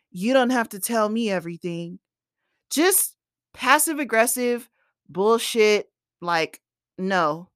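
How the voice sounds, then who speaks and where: Animated woman in her thirties, dry sound. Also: mid-range voice, dry recording. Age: 30s. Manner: animated, exasperated retelling with quoted dialogue. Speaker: podcast host. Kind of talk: casual storytelling monologue.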